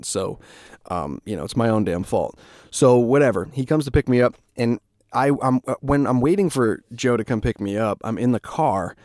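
A young man hosts his own podcast and tells a story off the cuff. He rambles, swears freely and often restarts his sentences. His voice sits at a middle pitch, recorded close and dry with no room echo. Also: darkish tone. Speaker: podcast host. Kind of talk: casual storytelling monologue.

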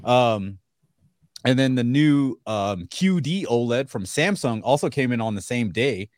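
A man's voice: medium pitch, lively intonation, a little slow, darkish tone, no room sound. Laid-back man chatting on a dry mic. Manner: laid-back, laughs between phrases. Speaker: podcast co-host. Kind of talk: casual chat.

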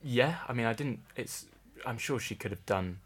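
A man's voice: mid-range voice, normal speed, breathy edge. A young man from England hosting a casual podcast, chatty with dry, wry humour. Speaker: podcast host. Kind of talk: casual chat.

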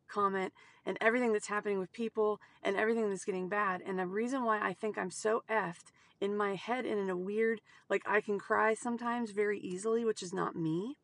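A woman speaking in an emotional personal monologue as a mother, halting, with sudden outbursts and soft whispered asides. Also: medium pitch, fairly even intonation. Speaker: mother sharing personal experience.

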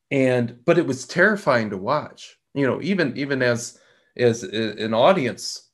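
A middle-aged man hosting a reflective talk, speaking in a slow, measured way with frequent pauses and repeated words. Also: mid-range voice, husky. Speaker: podcast host.

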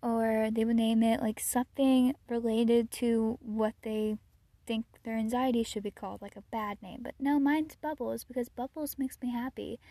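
A teenage girl hosting her own podcast, chatting casually and gushing about the children she works with, full of "like" and soft laughs. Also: fairly high pitch, no echo. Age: teens. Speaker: podcast host. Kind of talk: casual solo podcast chat.

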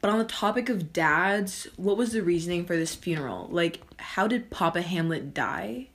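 A woman's voice: on the low side, animated, moderate pace. A woman playing a sulky, whiny teenage male prince in a comedic skit, talking sarcastically and with exasperation, addressing viewers like a vlogger. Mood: sarcastic.

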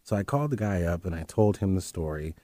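Deep dark-voiced man telling his story. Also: expressive, quick pace, no echo. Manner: earnest, candid, repeats phrases. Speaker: interview guest.

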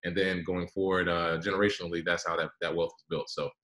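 A man's voice: low-pitched, little pitch movement, fast talker, fairly bright tone, echoey room, low-quality recording. A man, a guest author, explaining his ideas earnestly in a podcast interview.

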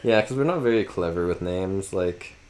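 A man's voice: deep voice, lively intonation, normal speed, a little mellow, slight background noise. A man in his twenties co-hosting a casual podcast, rambling with lots of fillers. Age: 20s. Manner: rambling, heavy use of "like". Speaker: podcast co-host. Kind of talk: casual chat.

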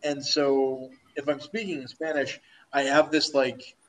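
Animated, chatty man telling stories. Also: medium pitch, unhurried, poor audio. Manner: animated storyteller, many fillers, laughs easily. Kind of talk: casual chat.

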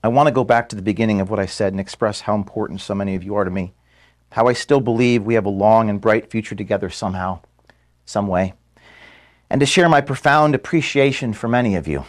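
A man giving a farewell address to his staff, filmed in an office room. He is close to tears and halting, and he stops to apologize as he speaks. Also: fairly low pitch. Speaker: organization founder giving a farewell speech to staff.

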